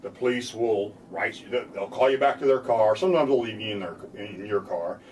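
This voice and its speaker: A defense lawyer explaining rights in plain talk, now and then mimicking police officers in a loud mocking voice. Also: male voice, fairly low pitch, fairly quick, far from the mic, a little hiss or hum.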